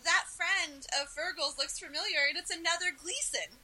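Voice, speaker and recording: A woman's voice: very high voice, moderate pace, no room sound, rough recording. A woman co-hosting a podcast, telling stories with enthusiasm in casual chat. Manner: enthusiastic, animated storytelling. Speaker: podcast co-host.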